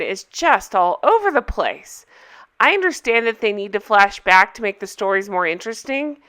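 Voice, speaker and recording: Woman vlogger, TV reviews, casual to-camera chat; bright and crisp, expressive, laughs easily. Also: a little high. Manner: chatty and expressive, laughs often.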